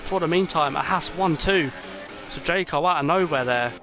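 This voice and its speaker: A young man commentating an online racing game, excitable and rambling with many fillers, and tired. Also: fairly high pitch, normal speed, vocal fry, music in the background. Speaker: race commentator. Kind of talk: esports race commentary. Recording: noisy, with game car sounds behind.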